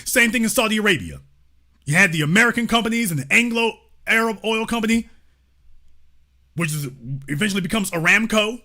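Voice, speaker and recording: Male livestream host, high, lively pitch, emphatic and profane, talking straight to his chat. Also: brisk, long pauses. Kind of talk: livestream political commentary.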